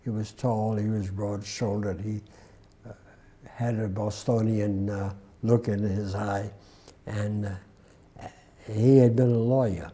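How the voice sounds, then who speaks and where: A man in his nineties with a Southern US accent, being interviewed and telling an unhurried story with dry humor. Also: on the low side, fairly even intonation, warm tone, a little hiss or hum. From Atlanta, US South. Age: 90s. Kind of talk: recounting a war memory.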